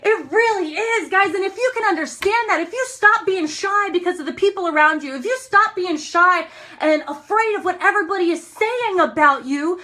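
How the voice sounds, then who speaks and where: A young woman from Montana giving an energetic motivational talk on a live stream, laughing often and calling out to her viewers. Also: very high-pitched, moderate pace. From Montana, USA. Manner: enthusiastic, laughs often, talks to viewers as guys.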